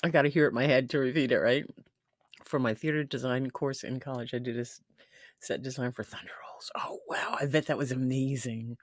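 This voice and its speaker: A woman's voice: a bass voice, fairly even intonation, brisk, dry recording. Chatty woman hosting a live stream. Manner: chatty, laughs often, reads chat aloud. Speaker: livestream host. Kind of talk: casual live-stream chat.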